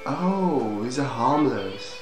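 An excitable man talks casually to his viewers, breaking into exclamations and questions. His voice sits at an ordinary middle pitch, and it rings in an echoey room while a song plays clearly behind him. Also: takes it slowly, music in the background. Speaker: reaction video host. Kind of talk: casual reaction commentary.

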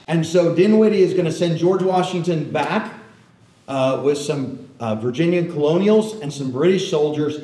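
A man, a historian, tells an animated story to an audience and keeps checking in with them. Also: fairly high pitch, normal speed. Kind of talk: storytelling lecture. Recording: roomy hall echo.

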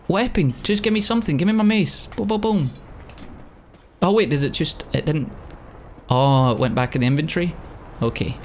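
Excitable, high-voiced man gaming. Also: slight background noise. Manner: excitable, swears a lot, yelps in panic. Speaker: let's play host. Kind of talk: casual gameplay commentary.

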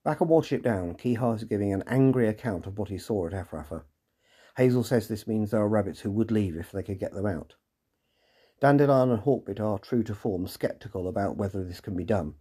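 A man's voice: on the low side, animated, a little fast, warm tone, slightly rough. A man hosting a podcast, reading a scripted episode recap with dry, sarcastic asides. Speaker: podcast host and narrator.

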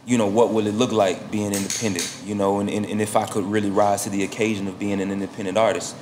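Man from south florida, thirties, rather low voice, laid-back reflective talk, interview guest, faint background hum. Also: level tone, fast. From South Florida, USA. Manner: laid-back, reflective, with frequent "you know what I'm saying". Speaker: guest rapper. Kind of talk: casual interview chat.

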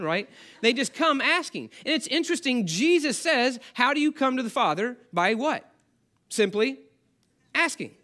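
A man with a notably high voice delivers a church sermon in a loose, conversational way. He keeps throwing questions to the congregation and answering them himself. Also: big pitch swings, normal speed, pushed and bright. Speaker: pastor.

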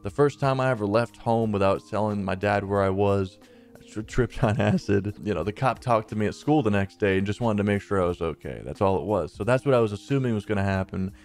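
Speaking briskly in a lowish, darkish voice, the twenty-something channel host rambles through a personal anecdote over gameplay. His talk is loose and chatty, sprinkled with "like" and "dude," and faint music can be heard in the background.

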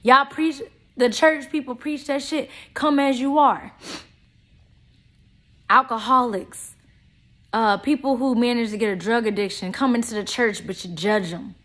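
A young adult woman in an unscripted vlog monologue, talking in a blunt, profane and confrontational way, with loud outbursts and low asides. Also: fairly even intonation, unhurried. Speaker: vlogger.

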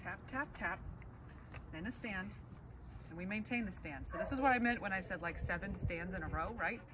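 A woman dog trainer demonstrating a lesson, explaining calmly and praising the dog softly between cues. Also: mid-range voice, normal speed. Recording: distant mic, noisy outdoor background.

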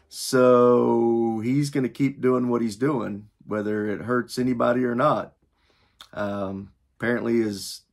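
A man's voice: mid-range voice, vocal fry. A man hosting a music reaction channel, talking casually to camera in a chatty, plain-spoken way with bits of dry sarcasm.

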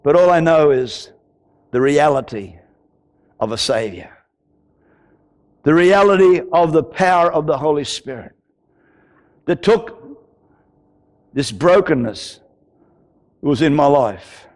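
An older male pastor preaches in a raised, slightly high voice, telling a story from his own life. He drives points home by repeating words and trips over himself in his eagerness. His delivery swings between rising intensity and quiet, earnest appeals. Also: expressive, slow pace, long pauses. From Australia. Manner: impassioned, repeats words for emphasis, stammers. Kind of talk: sermon. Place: church.

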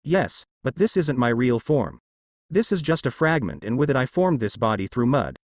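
A man voicing a gentle, motherly female earth goddess in a tiny fairy form, read plainly and softly. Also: medium pitch, expressive, moderate pace, dry recording, lightly acted. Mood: caring.

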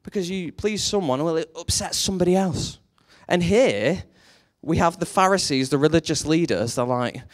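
A man preaching a sermon, telling a story with lively energy and briefly acting out the characters in it. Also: fairly high pitch, moderate pace. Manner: animated storytelling, acts out quoted characters.

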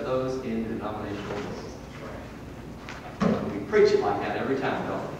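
A man preaching a sermon in a church, swinging from loud emphatic peaks to low, quiet drops. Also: fairly even intonation, moderate pace, pauses often, slight background noise. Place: church hall. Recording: echoey hall from far off.

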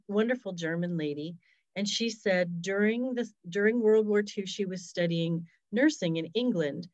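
A woman's voice: on the low side, no room sound, muffled recording. A woman, a hospice fundraiser, telling stories in a casual, reflective interview over a video call.

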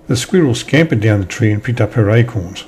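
A man reading a children's story aloud in an expressive storytelling manner. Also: lowish voice, a little fast, slightly rough. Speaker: storybook reader.

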